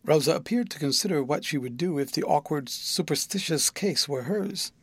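A man narrating a classic novel with measured, even storytelling. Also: a little high, slightly rough, no echo. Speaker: audiobook narrator. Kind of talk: scripted narration.

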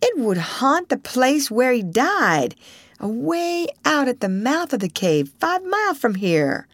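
A woman's voice: lowish voice, very animated, takes it slowly, dry recording, clean studio sound, heavily acted. A woman voicing a bold, scheming boy who leads adventures, speaking in an eager folksy dialect. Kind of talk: audiobook character reading.

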